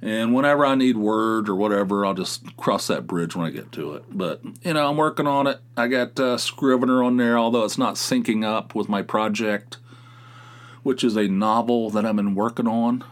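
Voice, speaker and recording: A man's voice: fairly low pitch, moderate pace. A middle-aged man hosting his podcast from his home office, chatting casually in a rambling, self-mocking way and swearing freely. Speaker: podcast host. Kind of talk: casual solo chat.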